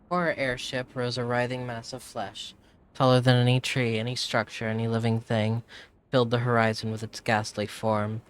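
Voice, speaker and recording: A man's voice: medium pitch, level tone, moderate pace, smooth, natural voice. A man reading as a reluctant travel writer in British. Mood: wry. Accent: put-on British. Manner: theatrical, stumbles and rereads words. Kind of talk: reading in-game text aloud. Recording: game music underneath.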